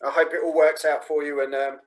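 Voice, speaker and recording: A man's voice: a little high, little pitch movement, fast, low-quality recording. A man hosting an interview, matey and encouraging in casual chat. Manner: matey and encouraging, many fillers. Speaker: host.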